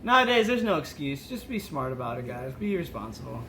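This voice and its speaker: A man's voice: medium pitch, sing-song, fairly quick, sharp tone, slight background noise. A man co-hosting a podcast in casual chat, wrapping up the episode with upbeat sign-off patter. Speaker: podcast co-host.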